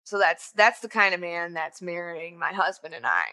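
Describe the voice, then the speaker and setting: A woman, likely in her thirties, hosting a podcast and telling a personal story in a chatty, animated way with joking asides. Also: fairly low pitch, moderate pace. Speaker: podcast host.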